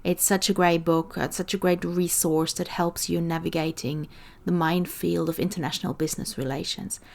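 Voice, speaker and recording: A woman's voice: on the low side, fairly even intonation, moderate pace, vocal fry, a little mellow. A woman with an Austrian accent hosting an interview podcast, asking questions and explaining directly through worked examples. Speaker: podcast host. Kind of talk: conversational interview.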